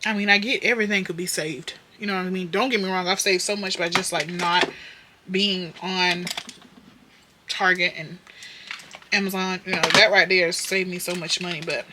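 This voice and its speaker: A young woman doing her makeup while chatting to her viewers, candid and profane, slipping from muttered whispers into loud bursts. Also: mid-range voice, noisy background. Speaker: beauty vlogger.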